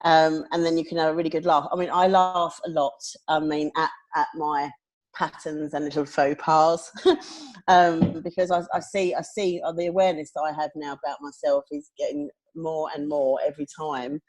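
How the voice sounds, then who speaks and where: A woman's voice: low-pitched, fairly even intonation, moderate pace, a little mellow. A woman co-hosting a podcast in casual chat, talking candidly and reflectively and laughing often. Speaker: podcast co-host.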